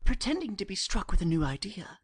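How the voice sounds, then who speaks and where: A woman narrator calmly reading the stage directions of a play, in a measured voice. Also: mid-range voice, slightly rough.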